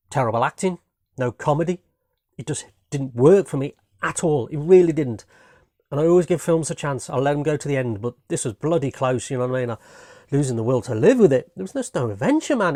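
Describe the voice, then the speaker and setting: A man's voice: a little high, big pitch swings, brisk, warm tone, no echo, studio quality. A man from Britain casually reviewing his latest home movie watches, rambling and enthusiastic, peppering his talk with "man" and "you know what I mean".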